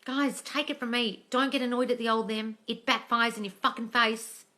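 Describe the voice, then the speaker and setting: A woman's voice: on the high side, fairly even intonation, normal speed, pushed and bright. A woman coach reading viewer questions aloud on a casual live stream, blunt and full of swearing, calling everyone darling.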